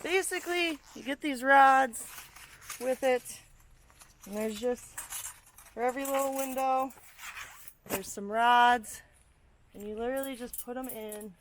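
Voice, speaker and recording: A woman's voice: high voice, measured pace, pauses often, fairly bright tone, a little hiss or hum. A young woman talking casually in a solo tutorial vlog outdoors by her car, chatty and self-deprecating, a little out of breath as she works and films herself. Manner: chatty, self-deprecating, swears and laughs while working. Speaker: vlogger. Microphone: handheld camera, moving off frame.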